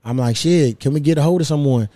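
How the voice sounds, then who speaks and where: A man in his thirties hosts a casual podcast, telling a story with lots of profanity and energy. His voice sits on the high side but sounds warm and mellow. The recording is close and dry. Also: fast talker, no echo. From United States. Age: 30s. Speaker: podcast host.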